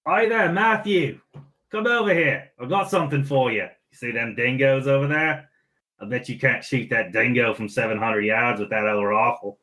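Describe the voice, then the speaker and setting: A gruff rancher with a put-on Australian accent, as a man does the voice. He drawls his words and taunts, pitched a little higher than a plain speaking voice. He sounds like a podcast host goofing around. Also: normal speed, bright, forceful tone, natural voice. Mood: taunting.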